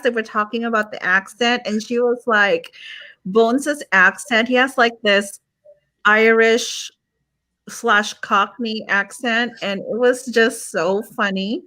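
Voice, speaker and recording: Relaxed hesitant woman chatting. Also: a little high. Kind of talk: casual group chat.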